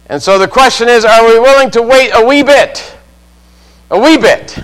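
A man preaching a sermon, slow and measured, often putting questions to his listeners. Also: extremely high pitch, a bit bright, smooth, poor audio. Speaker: pastor.

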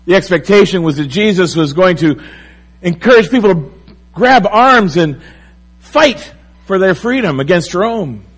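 A man preaching a sermon, with animated, rising and falling emphasis. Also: sits high, unhurried, husky, poor audio. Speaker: pastor.

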